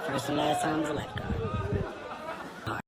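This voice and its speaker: A man telling a comic story in a profane, animated way, laughing through his lines. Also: fairly high pitch, fairly quick, a loud crowd, very noisy. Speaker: comedian.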